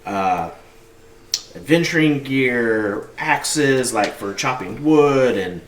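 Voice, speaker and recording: A man's voice: mid-range voice, lively intonation, takes it slowly. A man narrating as game master in a tabletop game, describing scenes loosely with many fillers. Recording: roomy, distant mic, background noise.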